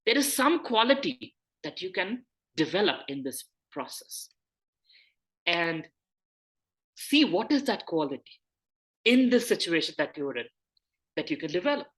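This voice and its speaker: A man's voice: sits high, sing-song, measured pace, pauses often, fairly bright tone. A man giving a conversational scripture talk, acting out quoted dialogue as he tells a personal story. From India. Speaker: spiritual teacher.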